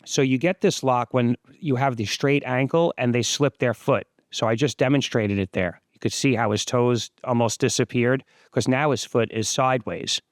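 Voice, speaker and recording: Guy in his 50s talking over his own sparring video, easygoing, explains stuff, smooth clear voice. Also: mid-range voice, moderate pace, hardly any pauses, no echo, clean studio sound. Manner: relaxed, explanatory, conversational. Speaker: channel host. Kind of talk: voice-over commentary on sparring footage.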